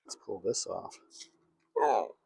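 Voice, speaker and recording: A man's voice: lowish voice, expressive, slow, gravelly, darkish tone, husky. A man hosting a casual home cooking vlog, talking to himself in a playful, jokey way while he cooks in his kitchen.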